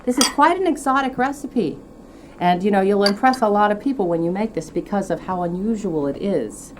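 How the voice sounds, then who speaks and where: A woman's voice: mid-range voice, expressive, brisk, darkish tone, a little hiss or hum. A woman hosting a cooking show, demonstrating a dish in a chatty, enthusiastic way with light teasing.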